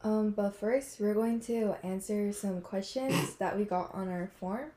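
Teen girl podcast co-host, unhurried and halting, casual chat. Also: mid-range voice, fairly even intonation, mellow. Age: teens. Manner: slow, hesitant, many fillers and giggles.

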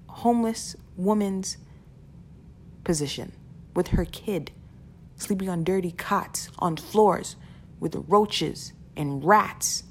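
A woman talking casually and earnestly to her listeners about keeping perspective, often repeating words and laughing between points. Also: mid-range voice. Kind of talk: casual motivational talk.

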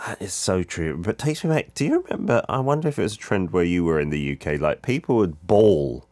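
A co-host in casual chat, jokey and chatty, with frequent murmured replies. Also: male voice, low-pitched, expressive, a little fast, a little mellow, no room sound. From United Kingdom. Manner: chatty, jokey, lots of back-channel. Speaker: podcast co-host.

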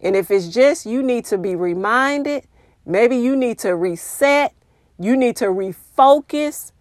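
A woman delivers a devotional Bible lesson at an unhurried pace. Her voice sits a little high, and the sound is dry and close. She reads scripture and drives points home with repeated rhetorical questions. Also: lively intonation, no echo. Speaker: Bible teacher.

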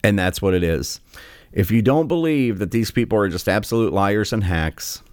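Sarcastic low-voiced male commentary host. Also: expressive, moderate pace, darkish tone, no room sound, studio quality. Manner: sarcastic, scornful, filler-heavy. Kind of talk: political commentary rant.

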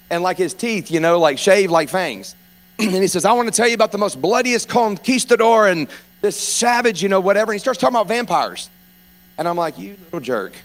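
A man preaching a sermon, telling stories in a rambling, animated way that rises to fervent preaching. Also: high voice. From North Louisiana. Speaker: pastor and hospice chaplain.

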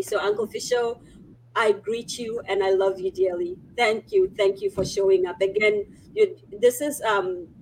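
Effusive woman host, lively swooping voice. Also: on the high side, a little hiss or hum, rough recording. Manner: effusive, laughs often. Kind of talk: online interview chat.

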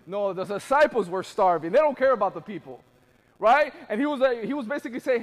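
A man preaching a sermon, building from quiet asides to shouted peaks and acting out the voices of biblical people in casual modern speech. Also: extremely high pitch, expressive, a little fast. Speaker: pastor.

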